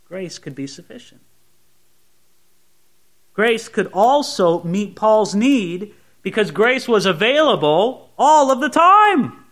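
Lively, high-pitched male preacher. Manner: expressive preaching, swinging between soft low asides and raised emphatic lines. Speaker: pastor. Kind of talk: sermon.

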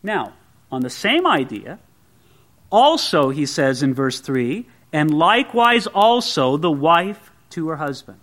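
A man's voice: a little high, very animated, slow pace, fairly bright tone. A man preaching a sermon to a congregation, earnest and emphatic, with pointed rhetorical questions. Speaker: pastor.

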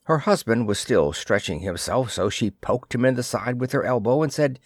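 A man reading a fairy tale aloud in a measured, expressive storytelling manner. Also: mid-range voice, breathy edge, dry recording, studio quality. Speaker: narrator.

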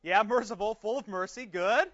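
Pastor guy teaching bible class, fairly high voice, asks the room questions, dull lo-fi recording. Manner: lively, conversational, asks questions and answers them; slows down to read prayers aloud.

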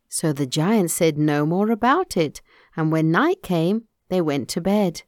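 A woman reading a folktale aloud in a measured, expressive manner. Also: fairly low pitch, dry recording, clean studio sound. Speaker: storyteller.

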